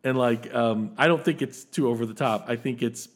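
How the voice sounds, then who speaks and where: A man's voice: medium pitch, moderate pace. A man co-hosting a film podcast, talking in a casual, enthusiastic way with frequent laughs and restarts. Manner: animated, enthusiastic, laughs often, many restarts. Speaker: podcast co-host.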